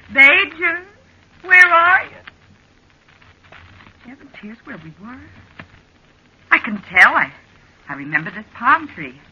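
Flustered scatterbrained woman, lively high voice, very bright, old radio comedy, lo-fi. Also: slightly rough, full character voice. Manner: flustered, gasping exclamations. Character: fussy scatterbrained woman, Jennifer. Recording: dull lo-fi old radio recording.

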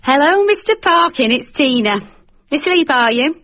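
A woman's voice: sits high, expressive, normal speed, muffled recording, background noise. A woman playing a nagging, chatty home carer who fusses and prattles, in a comic radio sketch. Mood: fussing. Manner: prattling, fussing, talking to herself.

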